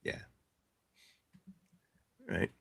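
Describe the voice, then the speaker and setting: A man's voice: extremely slow, fairly bright tone. A man hosting a casual podcast chat, talking in chatty bursts with frequent stammering restarts. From United States. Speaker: host.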